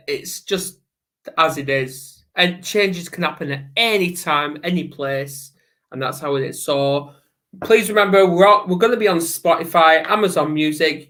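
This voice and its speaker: A male host talks slowly in a bright, forceful voice. He rambles good-naturedly and corrects himself as he goes. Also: on the high side. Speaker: podcast host. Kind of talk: casual show intro and chat.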